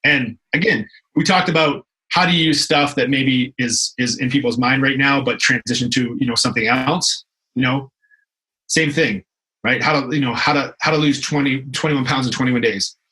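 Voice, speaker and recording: A man's voice: mid-range voice, moderate pace, sharp tone, poor audio. A young adult man from Canada, a fitness professional guest in a casual interview, telling stories animatedly with frequent restarts and fillers.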